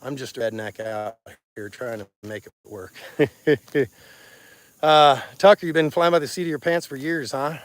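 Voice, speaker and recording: A Missouri rancher with an Ozarks accent livestreams from his pasture on a phone mounted on a selfie stick, chatting plainly with viewers outdoors. His mid-range voice is unhurried, and there's no room sound.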